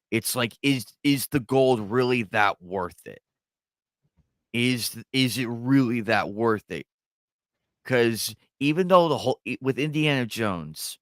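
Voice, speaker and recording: A man's voice: on the low side, fairly bright tone, no room sound. A man chatting casually about films in a loose, rambling way, swearing freely as he goes. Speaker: co-host of a movie reaction channel.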